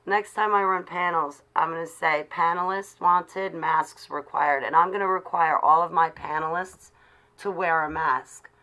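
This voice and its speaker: A woman's voice: low voice, steady tone, normal speed, sharp tone. A woman live-streaming to her chat from her car while driving, talking casually and sarcastically in a ranting way.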